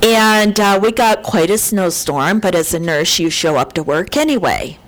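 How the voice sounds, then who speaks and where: A woman's voice: fairly low pitch, lively intonation, normal speed, poor audio. A woman from Buffalo, New York, preaching a sermon at a church and telling a humorous personal story with frequent laughter. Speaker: speaker at a church service. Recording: noticeable background noise.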